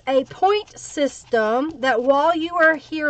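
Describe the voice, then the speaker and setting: A woman's voice: high voice, expressive, measured pace, hardly any pauses. A woman hosting a live craft stream, chatting and thinking aloud while she works and greeting viewers by name. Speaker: craft livestream host. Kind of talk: live crafting tutorial with chat shout-outs.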